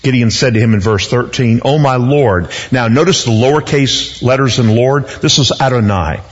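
A man's voice: medium pitch, moderate pace, muffled recording. Folksy male preacher teaching verse by verse. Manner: conversational, jokey asides, repeats words. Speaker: pastor. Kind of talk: expository sermon.

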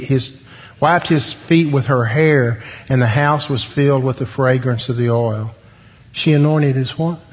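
A man preaching a sermon, asking the congregation questions and pausing for emphasis. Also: medium pitch. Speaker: pastor. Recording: dull sound with long hall reverb.

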